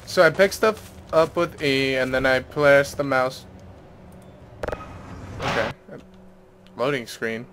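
A man gives excitable, joking let's play commentary and keeps talking to himself while he plays. His pitch is middling for a man. Clear game noise sits under his voice. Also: slow, long pauses. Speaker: gamer.

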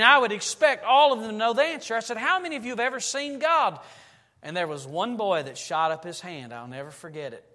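A pastor preaching a sermon in a church, telling stories and building to loud, emphatic passages. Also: male voice, sits high. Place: church sanctuary. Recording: long reverb of a church hall.

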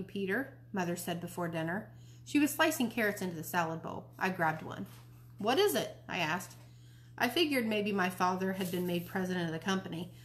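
A woman's voice: mid-range voice, fairly bright tone. A woman from a library reading a children's novel aloud in a friendly, informal way. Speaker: library storytime reader.

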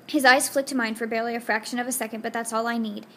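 A woman's voice: on the high side, fairly even intonation, very fast, fairly bright tone, a little hiss or hum. A woman reading a first-person audiobook in an earnest, intimate storytelling manner. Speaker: audiobook narrator. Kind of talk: scripted first-person narration.

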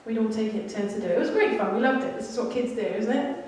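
A woman delivers a sermon full of candid, self-deprecating childhood stories. Her voice sits a little high. It rings through a very echoey hall, picked up from some way off the mic. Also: fast, darkish tone, distant mic, slight background noise. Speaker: church speaker. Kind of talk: sermon with personal story.

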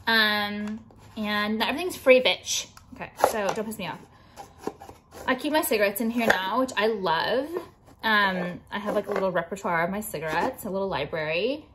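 A young woman talks straight to her viewers in a loose, unscripted vlog. She swears freely, rants bluntly and fills pauses with "um" and "like", and her pitch sits in an ordinary middle range. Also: noisy background. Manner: profane, blunt, ranting with frequent fillers. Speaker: jewelry designer and vlogger. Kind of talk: casual ranting vlog.

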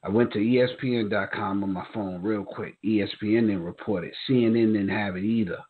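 Husky-voiced New man over a phone line. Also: on the low side, brisk. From New York. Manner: animated, profane, acts out quoted voices. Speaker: podcast co-host. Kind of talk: casual storytelling chat.

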